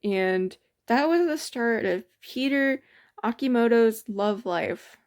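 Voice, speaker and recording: A woman with a fairly high voice recaps a tabletop game session. She talks in a loose, rambling way, often breaking into giggles. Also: lively intonation, takes it slowly. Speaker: storyteller. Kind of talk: casual storytelling of a tabletop game.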